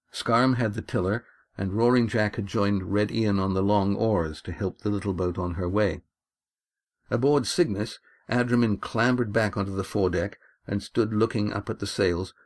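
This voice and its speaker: A man reading his own adventure novel aloud in a measured, steady storytelling manner. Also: on the low side. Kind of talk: audiobook narration.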